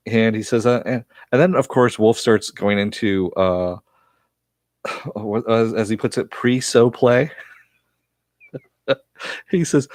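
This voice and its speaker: Male reviewer, lowish voice, dry close mic, casual chatty recap with frequent chuckles. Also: slow pace, pauses often, no room sound. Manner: chatty, laughs often, many fillers. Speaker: TV episode reviewer.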